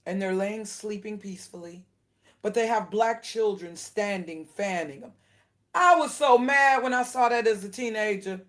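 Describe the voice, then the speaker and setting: A woman's voice: medium pitch, moderate pace. Indignant woman in casual commentary. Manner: indignant and animated, laughing between points. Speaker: video commentator.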